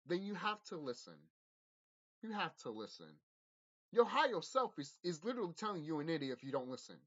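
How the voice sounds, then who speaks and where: Lively rambling man, dull lo-fi audio. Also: a little high, brisk. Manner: intense, profane, repetitive, restarts often. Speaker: vlogger. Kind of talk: rambling spiritual monologue.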